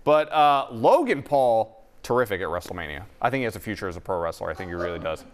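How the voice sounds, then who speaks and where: A man's voice: fairly low pitch, quick pace. A man co-hosting a daytime talk show, chatting casually and emphatically about entertainment news. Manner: animated, emphatic, jokey.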